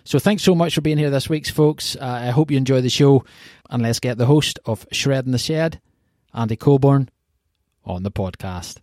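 A man's voice: mid-range voice, normal speed, a little mellow, no room sound, clean studio sound. A man introducing his podcast, upbeat with plenty of ums. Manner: upbeat, filler-heavy. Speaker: podcast host.

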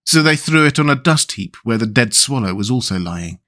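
A male storyteller reads a classic tale aloud at a middle pitch. His narration is calm and even, as he hosts his own story show. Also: a little fast. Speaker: storyteller and podcast host.

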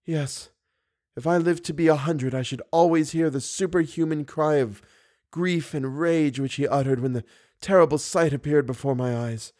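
A man voicing a frightened young woman who speaks in a hushed, trembling way, in an audiobook reading. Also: a little high, moderate pace, no echo, clean studio sound, natural voice. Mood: haunted.

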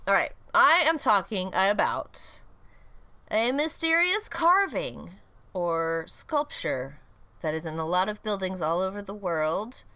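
A woman co-hosting a podcast, chatting casually with a bright, clear tone. Her pitch swings widely as she talks, and her delivery is unhurried. She is playful and giggly and pokes fun at herself. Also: big pitch swings, no room sound. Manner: playful, giggly, self-mocking. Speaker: podcast co-host. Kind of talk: casual chat.

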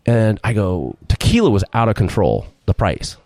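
A man's voice: lowish voice, very animated, normal speed, darkish tone, no room sound. A middle-aged man telling a long story in a casual interview, rambling, acting out quotes and laughing often. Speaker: restaurant owner, guest.

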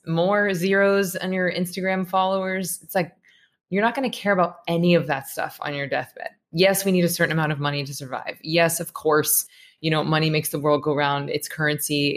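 A woman in her thirties with a low voice speaks as a podcast guest. She talks reflectively and earnestly, pausing to find her words. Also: steady tone. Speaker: guest, meditation teacher. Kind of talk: podcast interview.

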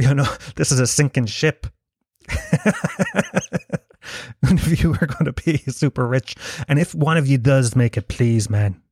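A man's voice: medium pitch, darkish tone, no room sound, clean studio sound. A man hosting his podcast, delivering a rambling, profane monologue and laughing at his own jokes. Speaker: podcast host. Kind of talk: casual ranting monologue.

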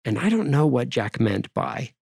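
Man with gravelly voice, discursive interview guest, dry close sound, keeps asking "right?". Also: medium pitch, big pitch swings, normal speed, a little mellow, no echo. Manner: discursive, peppers talk with "right?" and "you know". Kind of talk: conversational interview.

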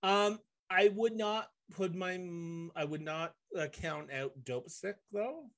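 A man's voice: sits high, slow pace. A man co-hosting a casual podcast chat, joking and sarcastic, with rambling asides. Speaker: podcast co-host.

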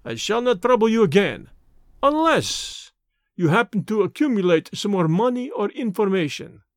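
A man's voice: sits high, very animated, normal speed, no echo, clean studio sound. A man reading the part of a cruel, gloating Russian blackmailer in a storybook. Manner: gloating, menacing.

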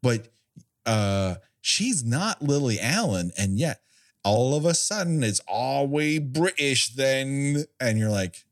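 A man's voice: medium pitch, slow pace. A man co-hosting a casual chat, joking and laughing often as he riffs. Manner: jokey, animated, laughs often. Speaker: podcast co-host.

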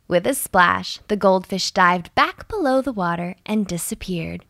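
A woman narrating a children's bedtime story slowly and soothingly, with a slight gravelly edge. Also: no room sound, clean studio sound. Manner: slow and soothing with lively pitch.

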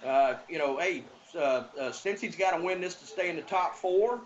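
A man with a Southern American accent giving betting lines in casual sports talk, halting with many fillers. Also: high voice, dull audio, a little hiss or hum.

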